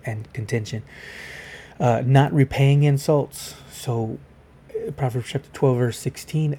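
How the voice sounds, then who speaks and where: A man's voice: medium pitch, warm tone, husky. A man giving a casual Bible devotional video, reading scripture aloud and then explaining it in a conversational way.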